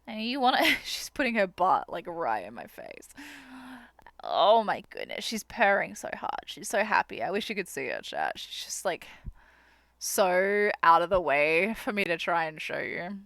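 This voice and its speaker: A woman's voice: on the low side, very animated, normal speed, gravelly, fairly bright tone, no room sound. A woman streaming a game and chatting casually with her viewers, sometimes cooing in baby talk at her cat. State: worn out. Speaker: live streamer. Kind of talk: casual live-stream chat while gaming.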